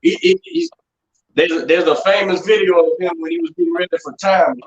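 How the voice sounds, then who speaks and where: A male boxing conditioning coach talking in a blunt, profane, animated way, in a casual podcast chat over a remote call. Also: sits high, brisk. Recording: echoey, muffled live-stream audio.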